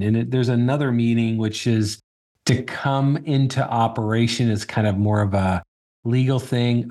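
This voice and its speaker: A man co-hosting a podcast, explaining things in a measured, thoughtful way. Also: mid-range voice, a little mellow. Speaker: podcast co-host. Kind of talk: casual podcast chat.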